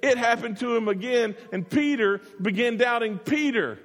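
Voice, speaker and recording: Preacher guy, high voice, acts out the bible story, long hall echo. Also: normal speed, fairly bright tone. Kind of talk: sermon.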